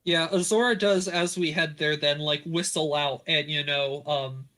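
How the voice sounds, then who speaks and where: Male player, higher bright voice, relaxed table chat with quips. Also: moderate pace, hardly any pauses. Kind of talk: casual tabletop play.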